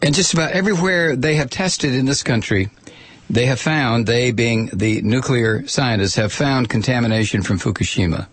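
A man's voice: medium pitch, moderate pace, breathy edge. A man giving an informal spoken commentary, wry and sardonic, with offhand asides.

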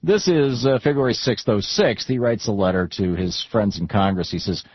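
Middle-aged male radio host; husky, lecturing, sarcastic; dry studio sound, slightly muffled. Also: lowish voice, moderate pace, no room sound. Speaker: radio talk show host. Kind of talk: talk radio commentary.

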